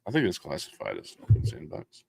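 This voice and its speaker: A man's voice: a bass voice, fast talker, gravelly, husky, no room sound. A man hosting a casual podcast. He jokes around, laughs often and swears freely. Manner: loud bursts and laughter inside relaxed talk. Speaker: podcast host.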